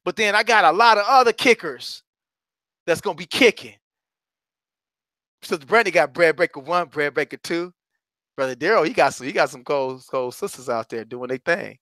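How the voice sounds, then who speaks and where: A man giving an animated, playful motivational talk in a preacher-like delivery. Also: fairly high pitch, moderate pace, long pauses, no room sound, clean studio sound. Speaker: motivational speaker.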